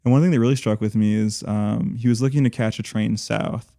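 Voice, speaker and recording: A man's voice: fairly low pitch, steady tone, brisk, creaky, warm tone. A man co-hosting a podcast, talking casually and rambling, with many fillers and restarts. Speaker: podcast co-host.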